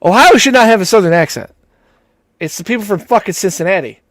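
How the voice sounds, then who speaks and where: Guy with a high voice cracking crude jokes about accents, dry close mic. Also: lively intonation, quick pace, a bit bright, dry recording. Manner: crude, joking, riffs on accents. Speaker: commentary stream host. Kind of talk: casual chat.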